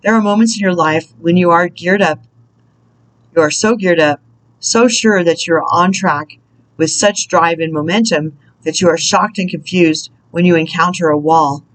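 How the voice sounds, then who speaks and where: A woman's voice: on the low side, poor audio. Earnest woman reading a spiritual message. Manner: earnest, pauses to correct herself and exclaim. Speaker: spiritual counselor and card reader.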